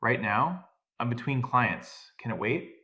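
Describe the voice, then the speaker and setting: A man reading as a brisk, defensive wife. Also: medium pitch, lively intonation. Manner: brisk, sharp. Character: busy, defensive wife on the phone.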